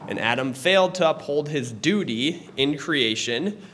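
A young man teaching a church class in a conversational way, pausing and correcting himself as he goes. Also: a little high, lively intonation, a bit bright, a little hiss or hum. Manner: conversational, with pauses and restarts. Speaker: Sunday school teacher.

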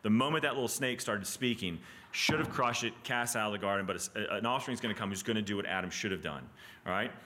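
A man teaching a Bible study class in a casual, animated way, often asking "right?" and restarting his sentences. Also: fairly low pitch, fast talker, a little hiss or hum.

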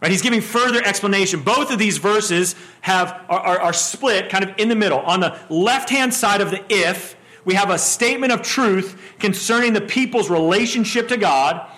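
Middle-aged guy preaching, kinda high bright voice, repeats words and throws questions at the crowd. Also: moderate pace, hardly any pauses. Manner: repeats words when starting a phrase, asks the room questions. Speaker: pastor. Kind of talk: expository sermon.

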